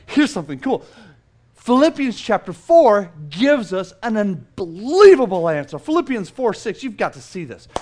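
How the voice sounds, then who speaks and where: High-voiced middle-aged man preaching. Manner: animated, self-mocking storytelling. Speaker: pastor. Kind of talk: sermon.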